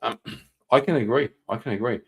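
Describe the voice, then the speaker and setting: A man's voice: mid-range voice, a little fast, creaky. A man on a live stream trading mocking, teasing banter. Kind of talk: casual chat on a live stream.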